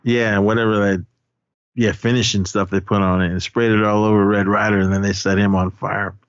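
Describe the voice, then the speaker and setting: Man, low voice, casual movie recap, lots of ums and restarts, dull lo-fi audio. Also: flat delivery, a little fast, clear, resonant tone, dry recording. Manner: rambling, many fillers and restarts. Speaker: podcast co-host. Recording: dull lo-fi sound.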